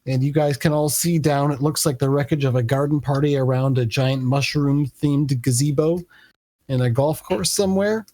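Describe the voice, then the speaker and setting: Game master, male, mid pitch, hesitant delivery, dry close sound. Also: fairly even intonation, moderate pace, a little mellow, no echo. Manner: hesitant, many fillers. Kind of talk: narrating a tabletop game.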